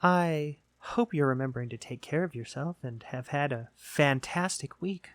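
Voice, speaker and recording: A man's voice: fairly high pitch, normal speed, dry recording. Male audio drama host, polite caring intro, dry close sound. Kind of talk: scripted intro.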